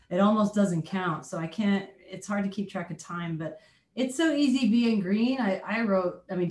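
A woman who is a children's musician, chatting in an interview, laughing often and restarting her sentences. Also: lowish voice. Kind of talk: casual interview chat. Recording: roomy echo.

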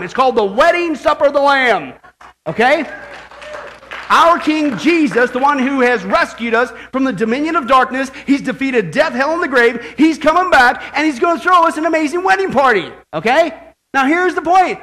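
A male pastor preaching with fervent energy, his voice strikingly high for a man. The tone is bright and forceful, and he swings from hushed confiding asides to shouted hallelujahs. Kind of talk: sermon.

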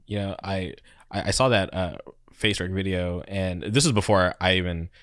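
Deep-voiced man asking halting questions. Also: fairly even intonation, a bit bright, no echo, studio quality. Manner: hesitant, stammering questions. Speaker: interviewer. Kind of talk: casual interview chat.

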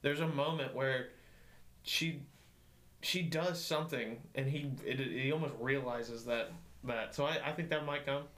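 A man's voice: mid-range voice, fairly even intonation, measured pace, a bit bright. A man co-hosting a podcast, blunt and rambling, swearing casually in chat. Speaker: podcast co-host.

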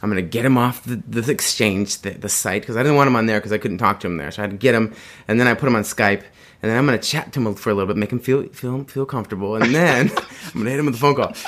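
A man's voice: medium pitch, very fast, a bit bright. Guy rambling thru a story, laughs a lot, lots of restarts. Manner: rambling, laughing often, acts out voices in quotes. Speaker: guest telling a story. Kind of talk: casual storytelling chat.

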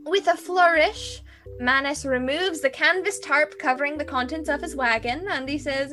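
Young woman DM, high and bright, descriptive narration with fillers. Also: normal speed. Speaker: dungeon master. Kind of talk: narrating a tabletop game.

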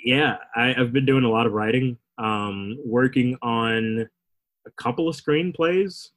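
A man's voice: mid-range voice, a little slow, fairly bright tone, low-quality recording. A young man, a comedian guest, talking in a rambling, self-interrupting, wry way in a casual interview.

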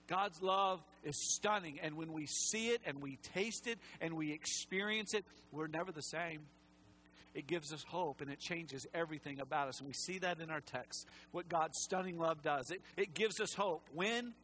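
A man preaching with fervor in a church sanctuary, his voice rising high and then dropping to a near whisper. He sounds emotional, close to tears, and a faint hum sits under the recording. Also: moderate pace, low-quality recording. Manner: impassioned, swings from loud to hushed. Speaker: pastor. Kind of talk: sermon.

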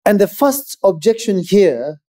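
A man preaching a sermon in a measured, emphatic way with pauses. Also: high voice, big pitch swings, mellow.

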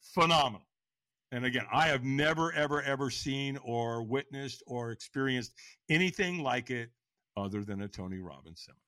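A man telling his story as a podcast guest, lively and animated, acting out quotes and laughing often. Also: normal speed, dry recording. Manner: lively storyteller, acts out quotes with big pitch jumps. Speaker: guest, firewalk instructor.

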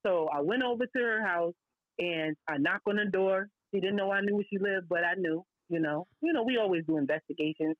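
A woman's voice: fairly low pitch, a little fast, no echo, dull audio. Blunt New woman telling a story. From Brooklyn, New York. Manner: lively, blunt, heavy slang and asides. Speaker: guest. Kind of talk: casual storytelling on a podcast.

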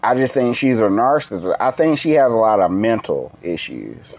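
A man's voice: fairly low pitch, sing-song, darkish tone, no echo, highs cut off. Tired man rambling on a podcast. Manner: rambling, halting, many restarts. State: tired, yawning. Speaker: podcast host. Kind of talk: casual solo podcast talk.

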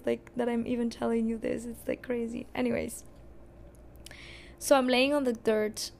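A young adult woman hosting a podcast, candidly telling a personal story in a casual, expressive way and cursing now and then. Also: fairly high pitch, moderate pace, vocal fry. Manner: candid and expressive, swears and laughs at herself. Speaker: podcast host.

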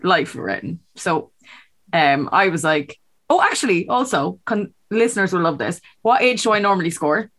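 A young Irish woman co-hosting a podcast, telling stories in animated casual chat, laughing often and swearing. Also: lowish voice, moderate pace. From Ireland. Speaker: podcast co-host.

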